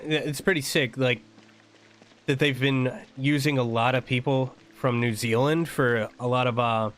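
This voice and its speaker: A man's voice: mid-range voice, steady tone, measured pace, fairly bright tone. An American man streaming a game and chatting casually, rambling and laughing often. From United States. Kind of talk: casual chat while gaming.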